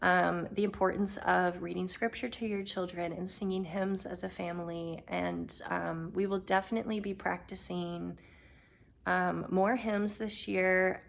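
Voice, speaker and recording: A homeschooling mother chatting casually to the camera, upbeat and full of ums, her voice slightly hoarse. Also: fairly low pitch, level tone, a little slow.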